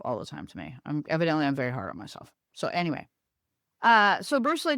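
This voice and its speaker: Female host, frank storyteller, casual and blunt, animated delivery. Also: deep voice, brisk, dry recording, studio quality. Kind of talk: personal storytelling talk.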